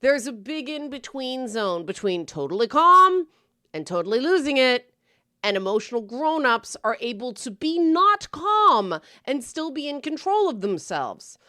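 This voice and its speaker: A woman's voice: high voice, very animated, unhurried, sharp tone, dry recording, studio quality. A woman hosting a talk show, giving blunt, wry, emphatic advice in a scripted commentary style. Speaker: host.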